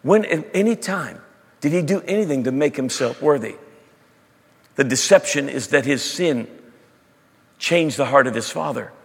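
A man's voice: medium pitch, slightly rough, in a large hall. A male preacher giving a dramatic storytelling sermon, asking the audience questions as he retells a parable.

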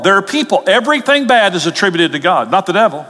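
A man's voice: high-pitched, very animated, quick pace, few pauses, sharp tone. A male pastor preaching a sermon emphatically, his voice rising as he gets stirred up. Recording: long hall reverb.

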